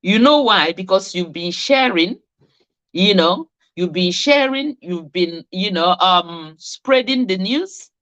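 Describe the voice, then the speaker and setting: A woman's voice: mid-range voice, animated, slow, fairly bright tone. A woman hosting a live stream, reading out viewers' comments in a chatty, teasing way and laughing often. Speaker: host of a live weight-management Q&A.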